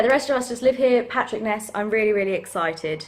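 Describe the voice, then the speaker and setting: A young woman chats casually through a book unboxing, her voice sitting a little high. She gushes, giggles and gets carried away with excitement. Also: brisk, hardly any pauses. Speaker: book vlogger.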